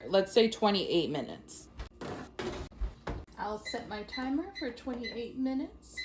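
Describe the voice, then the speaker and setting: A woman's voice: on the high side, noisy background. A woman vlogger chatting casually while baking in her home kitchen, giggling and cracking puns at herself, recorded on a phone. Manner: giggly, self-mocking, chatty, makes puns.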